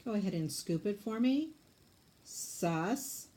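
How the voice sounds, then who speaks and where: A woman teaching spelling, dictating words slowly and patiently and sounding them out letter by letter. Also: mid-range voice, animated, dark tone.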